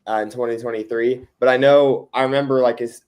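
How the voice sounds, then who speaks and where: Male podcast guest, relaxed, conversational storytelling. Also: mid-range voice, brisk, clear, resonant tone. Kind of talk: casual chat.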